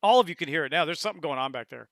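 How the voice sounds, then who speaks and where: A man narrating as game master of a tabletop horror game, talking in halting bursts with many restarts. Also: on the high side, expressive, a bit bright, no echo.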